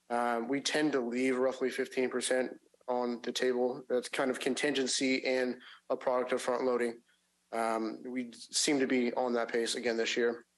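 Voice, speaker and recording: A man giving a finance report at a public agency meeting, with a measured delivery and frequent fillers and restarts. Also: medium pitch, rough recording.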